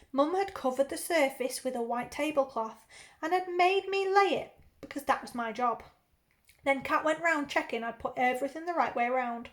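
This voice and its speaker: An English teacher reading a children's novel aloud in the first person, expressive and even, doing accents for the characters. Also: female voice, high-pitched.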